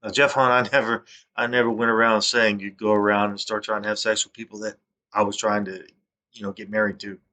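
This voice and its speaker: A man in his fifties with a drawl rambles to camera, circling back and repeating his claims. His voice sits a little low and has a bright, forceful edge. He sounds accusatory throughout. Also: level tone, fairly quick. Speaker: vlogger.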